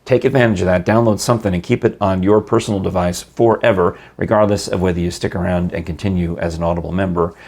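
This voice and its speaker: A man's voice: low voice, fairly even intonation, fast talker, hardly any pauses, a little mellow. A man hosting a podcast, chatting casually and reading an ad in an enthusiastic, chatty way. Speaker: podcast host. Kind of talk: casual chat with ad read.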